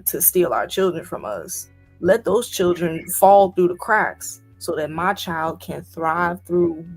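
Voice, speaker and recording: A woman guest in a casual discussion, talking emphatically with indignant rhetorical questions. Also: fairly low pitch. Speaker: guest commentator.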